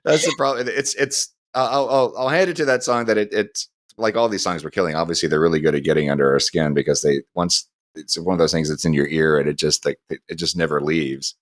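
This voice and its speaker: A middle-aged man with an extremely deep voice talks casually on a podcast, drifting through a long anecdote. The sound is close and dry, with no room around it. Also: fairly even intonation, fast talker, no echo. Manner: meandering anecdotal storytelling. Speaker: podcast co-host.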